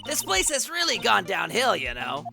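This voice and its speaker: A man's voice: high voice, wildly swooping pitch, moderate pace, vocal fry, over music, pitched above the performer's own voice, exaggerated voice. Man putting on a scolding old woman guard. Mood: rambling. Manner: scolding, fussy, rambling.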